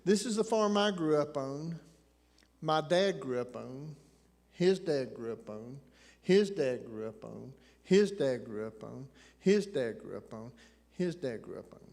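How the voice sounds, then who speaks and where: This Appalachian pastor, a man in his sixties from the Tennessee mountains, delivers a folksy, joke-filled sermon that wanders into rambling asides. His medium-pitched voice is animated and unhurried, darkish in tone with vocal fry. The church sanctuary adds a long hall reverb.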